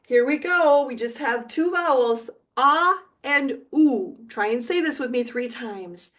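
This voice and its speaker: A middle-aged woman teaching a video lesson, encouraging and repeating words slowly for learners, now and then singing along. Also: sits high, lively intonation, a bit bright. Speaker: Spanish teacher.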